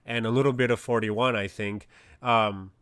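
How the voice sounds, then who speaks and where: A man's voice: on the low side, steady tone, moderate pace, fairly bright tone, smooth, dry recording, clean studio sound. A man telling a casual faith testimony, rambling and packed with "you know, like" fillers. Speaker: Christian speaker.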